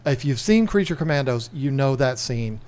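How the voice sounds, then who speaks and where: A man hosting a casual livestream chat, rambling easily from one thing to the next. He talks at an ordinary middle pitch and speaks straight to the camera. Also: lively intonation, normal speed, darkish tone. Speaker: livestream host.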